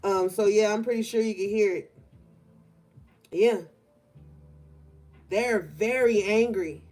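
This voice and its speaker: This young tarot reader has a medium pitch and a darkish tone, with faint music in the background. Talking casually through a collective reading by an open window, she lingers on words to emphasize them.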